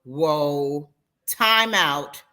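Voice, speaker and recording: A woman voicing a flirtatious male banker friend who talks in a low near-whisper with bass and a dry, teasing manner. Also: lively intonation, very slow, sharp tone, exaggerated voice. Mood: skeptical.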